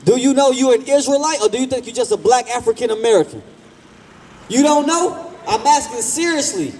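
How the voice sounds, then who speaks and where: High-voiced man preaching on the street. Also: lively intonation, fairly quick, a little mellow. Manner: blunt, questioning, slangy, repeats himself. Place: outdoors on a street.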